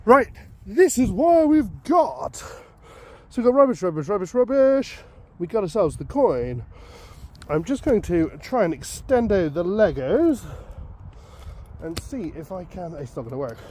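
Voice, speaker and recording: Upbeat guy vlogging out in a field, bouncy voice, a bit high, faint outdoor noise behind. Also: sing-song, measured pace. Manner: chatty, upbeat, talks to viewers while working. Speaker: metal detecting vlogger. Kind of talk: casual outdoor vlog commentary.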